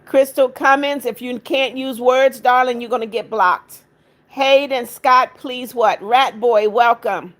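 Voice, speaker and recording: A middle-aged woman hosting a livestream, reading viewer comments aloud, warm to kind viewers and firm with rude ones. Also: a little high, measured pace. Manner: firm, scolding rude commenters, affectionate to others. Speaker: livestream host reading chat. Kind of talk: casual live chat.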